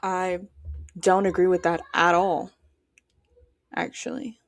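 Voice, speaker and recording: A woman's voice: on the low side, steady tone, slow pace, vocal fry, pauses often, no echo. Teen girl podcasting solo, chatty and opinionated, lots of ums, dry close sound. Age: teens. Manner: chatty, opinionated, thinks aloud with fillers. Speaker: podcast host. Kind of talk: casual solo podcast commentary.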